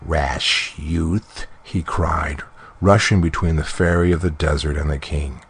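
Storybook narrator, man, very low and husky, steady descriptive reading. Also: moderate pace.

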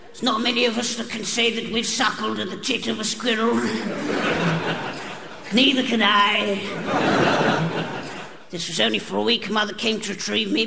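A stand-up comic with an extremely high, strained voice and a gravelly fry running through it, delivering grotesque absurdities completely deadpan. The live stage recording carries a long hall reverb. An audience laughs loudly around him. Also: male voice. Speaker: stand-up comedian. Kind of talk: stand-up comedy set.

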